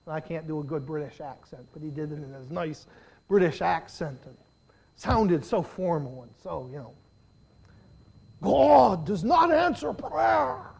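A preacher delivering an impassioned sermon, moving from hushed, pleading lines to loud, shouted appeals and voicing prayers aloud in the first person. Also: mid-range voice, normal speed, slightly rough.

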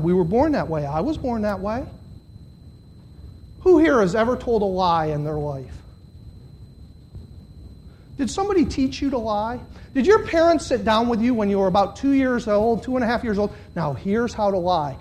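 A man preaching a sermon to a congregation, swinging between loud, high, impassioned stretches and low, earnest appeals. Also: very animated, normal speed, long pauses, slight background noise. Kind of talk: sermon with altar call. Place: church.

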